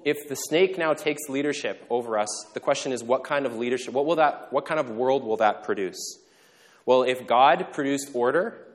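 A male pastor giving a conversational sermon, joking in quick asides and checking in with the congregation. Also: medium pitch. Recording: long reverb in a large hall.

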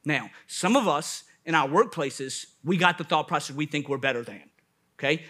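A man's voice: a little high, moderate pace, sharp tone. A man pastor preaching a sermon at a church service, with rising bursts of emphasis and playful asides.

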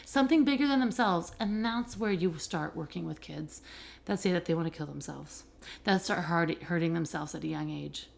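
A woman's voice: lowish voice, normal speed, creaky. A middle-aged woman hosting a podcast, an educator who works with children and families, talking candidly in a casual monologue and telling stories with many fillers. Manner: candid, animated storytelling with frequent fillers.

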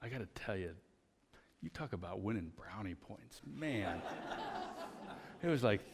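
Gravelly pastor preaching in a reverberant hall. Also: male voice, on the low side, a little slow, pauses often, slight background noise. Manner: conversational storytelling, animated. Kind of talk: sermon.

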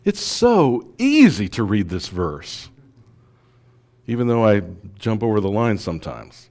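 A male pastor preaching a sermon, asking the congregation rhetorical questions and swinging between hushed asides and emphatic lines. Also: on the low side, very animated, a little slow.

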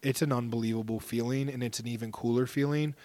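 A man's voice: mid-range voice, fairly even intonation, quick pace, darkish tone. Earnest man in his thirties, swearing. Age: 30s. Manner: earnest, openly emotional, swears casually. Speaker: podcast guest. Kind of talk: casual storytelling interview.

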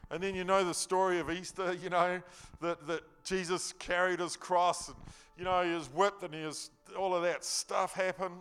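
A man's voice: high voice, steady tone, normal speed, a bit bright, clear, resonant tone, faint music behind. A man preaching a sermon, telling the story earnestly and emphatically in a loose, conversational way with casual slang.

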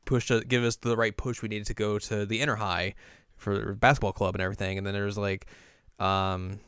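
Young man, casual chat, animated retelling, lowish voice, smooth and dry. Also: fairly quick, no room sound. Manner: animated retelling, acting out characters' lines. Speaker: podcast co-host recapping an anime.

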